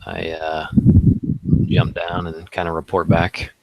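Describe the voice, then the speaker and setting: A man with a very low, gravelly voice, playing a tabletop game. He talks slowly and haltingly, and the sound is dry and close. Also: monotone, no room sound, lo-fi sound. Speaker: player. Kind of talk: casual tabletop play.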